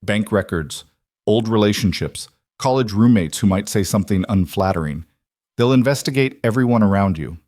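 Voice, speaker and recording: A man doing a blunt, seasoned woman lawyer in a storybook reading, brisk and firm as she spells out threats. Her voice sits low and dry, close to the mic. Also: darkish tone, no echo, close to an everyday voice.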